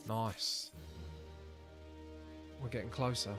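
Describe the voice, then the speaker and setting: An English man streaming a game, making quiet, self-deprecating asides as he plays. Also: mid-range voice, moderate pace, long pauses, over music. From England. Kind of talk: game commentary.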